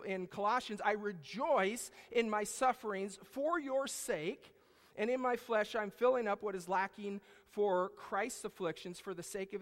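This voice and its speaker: Male pastor, high tenor, animated sermon delivery, long church reverb. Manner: animated preaching, swings between loud outbursts and hushed intensity. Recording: long reverb in a large hall.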